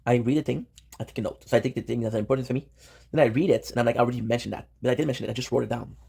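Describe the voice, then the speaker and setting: A man's voice: mid-range voice, fairly even intonation, rapid-fire, gravelly, warm tone, husky. Guy streaming, rambly casual chat, swears a lot, mutters to himself.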